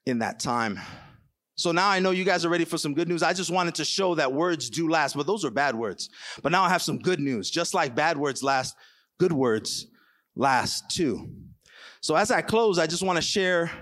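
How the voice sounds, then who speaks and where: Animated man preaching a sermon. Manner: animated storytelling, rising and dropping pitch and volume for emphasis.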